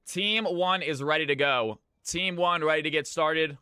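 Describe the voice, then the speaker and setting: A man shoutcasting a live esports match as host, hyping up the game and greeting viewers in chat by name. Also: a little high, normal speed, clear, resonant tone, no room sound, clean studio sound. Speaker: streamer and shoutcaster.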